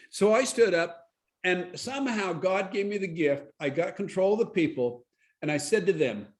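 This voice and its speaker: A man leading a Bible study, telling his testimony in an animated way and acting out the quotes in his story. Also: sits high, fairly quick.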